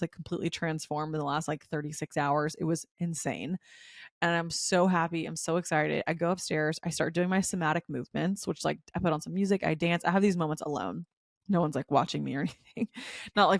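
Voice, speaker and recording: A woman's voice: lowish voice, no echo, studio quality. A young adult woman hosting a podcast, telling a personal story in a chatty, giddy way with lots of "like" and little laughs. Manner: chatty, giddy, heavy use of "like", frequent laughs. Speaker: podcast host. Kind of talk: casual storytelling monologue.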